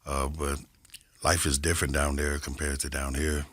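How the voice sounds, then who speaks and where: A man from Compton with a gravelly voice, a guest speaking in a laid-back, plain-spoken way in a casual interview. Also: a bass voice, flat delivery, moderate pace, a bit bright, dry recording, clean studio sound. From Compton, California.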